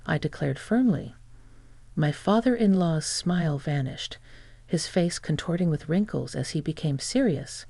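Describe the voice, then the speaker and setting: Gravelly, flat text-to-speech story narrator. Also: female voice, low voice, measured pace, no room sound.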